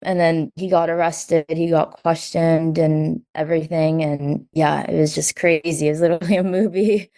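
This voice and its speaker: A young woman telling her own story as an interview guest, filling her talk with "like" and acting out quotes in lively bursts. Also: low voice, normal speed, hardly any pauses. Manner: says "like" constantly, quotes herself and others in lively bursts.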